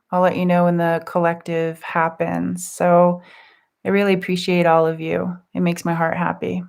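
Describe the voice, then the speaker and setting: A woman hosting a live spiritual group session, chatting gently and affectionately as she reads out viewers' comments with soft laughs. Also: fairly low pitch. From California. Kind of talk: casual live-stream chat.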